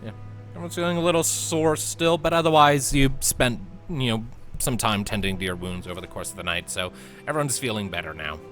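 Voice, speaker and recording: A man narrating a tabletop game as game master, in a relaxed, descriptive way. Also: medium pitch, brisk, soft background music. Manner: relaxed, descriptive, laughs easily.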